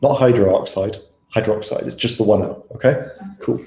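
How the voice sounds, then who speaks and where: A man's voice: fairly low pitch, fairly quick, warm tone, roomy sound. A young man tutoring students through an exam paper in a casual, chatty way, asking them questions as he goes. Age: young adult. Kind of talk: live online tutoring session.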